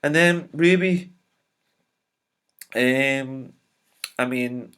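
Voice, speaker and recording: A man's voice: medium pitch, extremely slow, a bit bright, clear, resonant tone. A man giving a casual spoiler review of a TV episode, rambling and opinionated, with many filler ums and restarts. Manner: opinionated and exasperated.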